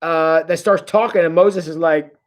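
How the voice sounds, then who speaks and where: Pastor, church livestream, chatty and jokey, halting restarts, reads comments aloud. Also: mid-range voice, steady tone. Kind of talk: livestream sermon reading viewer comments.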